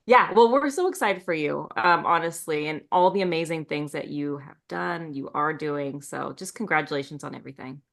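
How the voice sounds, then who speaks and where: A woman's voice: sits low, normal speed, creaky, few pauses. A woman co-hosting a casual podcast, asking questions in an enthusiastic, playful way. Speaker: podcast co-host.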